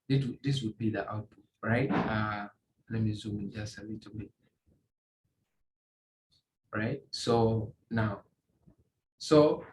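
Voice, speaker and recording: A man teaching a beginner's coding tutorial, walking through screen examples in a halting way, often repeating and restarting phrases. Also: medium pitch, a bit bright. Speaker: tutorial instructor. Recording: echoey room, faint ambient noise.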